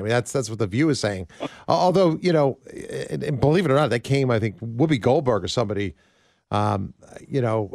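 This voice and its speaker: A man's voice: medium pitch, darkish tone, no echo, clean studio sound. A man hosting a political talk show, rambling and conversational with lots of fillers.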